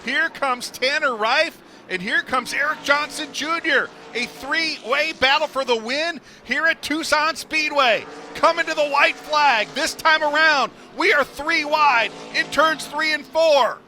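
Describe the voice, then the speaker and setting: A man calling a stock car race live, building excitement toward the finish. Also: very high-pitched, a little slow, slight background noise. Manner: excited, rising to shouts at the finish. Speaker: race commentator.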